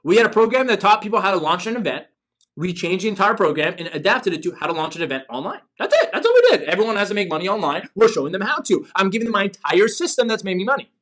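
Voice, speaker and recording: A man's voice: high-pitched, very animated, fast, a bit bright. A man hosting a business coaching show, giving an emphatic motivational talk full of rhetorical questions.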